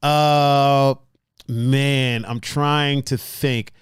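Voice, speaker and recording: A man's voice: medium pitch, fairly even intonation, drawn-out words, smooth, no room sound, studio quality. A man hosting a casual podcast, talking in a laid-back, slangy way and reading out chat comments. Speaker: podcast host.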